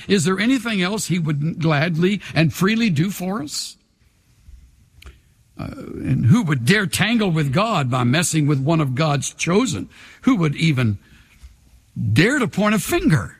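Older male pastor, high husky voice, slow lively delivery, sermon in a reverberant church hall. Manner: leads congregation in call-and-response; emphatic, repetitive phrasing. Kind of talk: sermon with altar call. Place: large church sanctuary.

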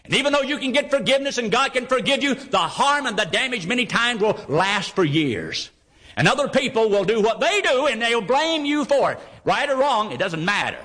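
Man, preacher, sermon, high bright voice, emphatic rhetorical questions. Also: very animated, brisk. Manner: reads King James scripture aloud. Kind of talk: sermon with scripture reading.

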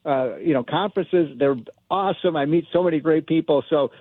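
A man calling in as a guest on a talk radio show, talking in an animated, rambling way with lots of fillers. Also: a little high, brisk, no echo. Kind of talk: phone-in interview. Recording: tinny phone line, dry.

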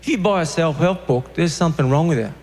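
A man's voice: fairly high pitch, fast talker. Australian man doing stand-up, noisy room. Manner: deadpan storytelling with acted-out voices. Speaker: stand-up comedian. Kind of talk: stand-up comedy routine.

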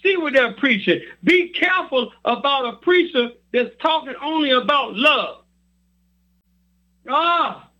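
High-voiced man preaching a sermon. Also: muffled recording. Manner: emphatic, repetitive preaching with scripture reading.

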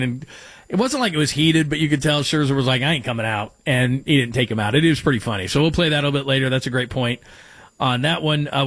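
Male sports talk host, light voice, mid pitch, rambling and jokey, dry close sound. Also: a bit bright, dry recording. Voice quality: light, higher voice. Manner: rambling, jokey, reads listener texts.

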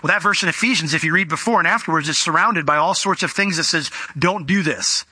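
A man in his thirties preaches with a bright, ringing, forceful tone. He talks conversationally and then pushes into fervent emphasis. The sound is dry and close, with no room around it. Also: on the high side, quick pace, husky, no echo. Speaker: pastor. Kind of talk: sermon.

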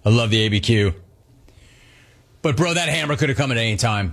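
A man hosting a sports radio call-in show, brash, playful and fast-talking. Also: mid-range voice, animated, a bit bright.

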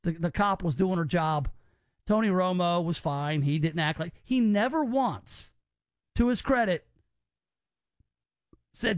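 A man's voice: sits high, unhurried, long pauses, dry recording. A man hosting a podcast, giving opinions in casual chat and often repeating words as he restarts. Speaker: podcast host.

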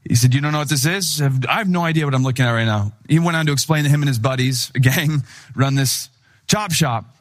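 A young pastor preaching to his congregation. He tells stories in a lively, animated way, acting out each person's voice as he goes. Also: mid-range voice, a little fast. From Wisconsin. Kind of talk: sermon.

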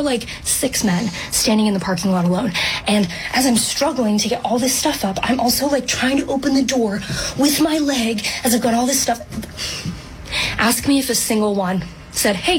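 Woman ranting into her phone, kinda high voice, exasperated, noisy clip.

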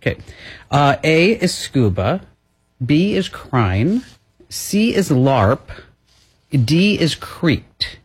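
A woman's voice: low voice, very animated, extremely slow, pauses often, darkish tone, slightly rough. A woman hosting a radio show, chatting playfully and laughing often. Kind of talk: casual chat.

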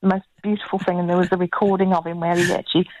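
A woman's voice: lowish voice, level tone, rapid-fire, dry recording. A woman calling in to a radio show, reminiscing fondly with small hesitations. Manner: warm, reminiscing, with fillers. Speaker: caller. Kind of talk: phone-in chat. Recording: dull phone line.

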